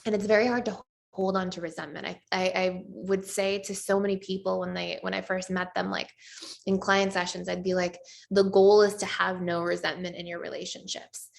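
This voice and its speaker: A woman's voice: lowish voice, little pitch movement, normal speed, gravelly. A woman teaching a relationship class as a coach, talking conversationally and acting out short quotes. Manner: conversational, with many fillers and acted-out quotes.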